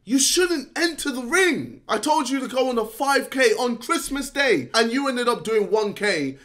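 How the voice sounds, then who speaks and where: A man ranting straight to camera in a frustrated, scolding way, sometimes shouting and laughing between points. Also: extremely high pitch, lively intonation, moderate pace. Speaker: YouTuber. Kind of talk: direct-to-camera rant.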